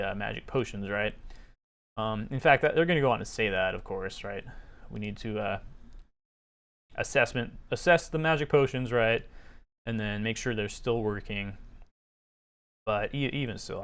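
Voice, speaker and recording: A man's voice: fairly low pitch, a bit bright. Sarcastic man critiquing a paper. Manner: sarcastic, skeptical, many fillers. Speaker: commentator reviewing a research paper. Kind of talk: casual commentary, reading aloud and remarking.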